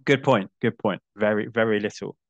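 A man's voice: fairly low pitch, fairly quick, creaky, dry recording, highs cut off. A man in his forties hosting a podcast, chatting casually about films with frequent restarts and dry asides. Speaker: podcast host. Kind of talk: casual film discussion.

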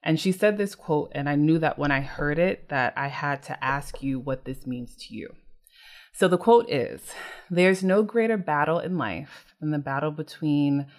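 A woman's voice: low-pitched, unhurried. A woman hosting a podcast, who sets up her questions to the guest thoughtfully and carefully. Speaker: podcast host. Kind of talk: interview host.

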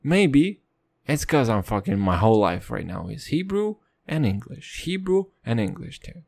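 A man's voice: very animated, normal speed, gravelly, darkish tone. A young man, a comedian and native Russian speaker, who rambles through a silly, profane comic rant. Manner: rambling, profane, silly, with sudden jumps in pitch.

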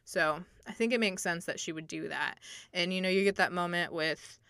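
A woman's voice: fairly low pitch, normal speed, bright, forceful tone, clean tone, no echo. A young adult woman co-hosting a casual podcast, talking things through thoughtfully with lots of "like". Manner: thoughtful, chatty, heavy use of "like". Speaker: podcast co-host. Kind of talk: casual chat analyzing a TV episode.

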